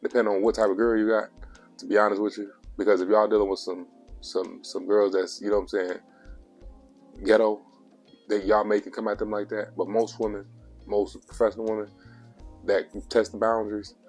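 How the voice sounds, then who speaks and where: Gravelly, low-voiced man preaching advice. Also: flat delivery, a little fast, a little mellow, soft background music. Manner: preachy and repetitive, coarse language. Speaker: relationship advice vlogger. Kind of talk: casual advice monologue.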